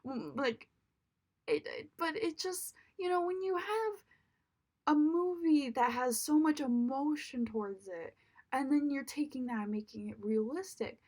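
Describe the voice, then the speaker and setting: Young woman ranting casually abt a movie, kinda high voice, lots of likes and ums. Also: measured pace, darkish tone. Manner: chatty, frequent fillers, exasperated complaining. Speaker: movie reviewer. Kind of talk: casual spoken film review.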